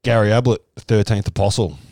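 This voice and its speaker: A man's voice: lowish voice, fast talker, mellow, dry recording. A man co-hosting a podcast, dropping dry, sardonic quips. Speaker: podcast co-host. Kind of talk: casual sweary banter.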